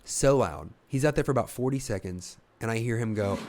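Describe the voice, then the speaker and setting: A man's voice: mid-range voice, a little fast, slight background noise. A young adult man, a stand-up comedian, telling a casual, profane story on a podcast and acting out voices as he goes. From Ohio, US. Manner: animated, swearing, acts out voices in his anecdotes.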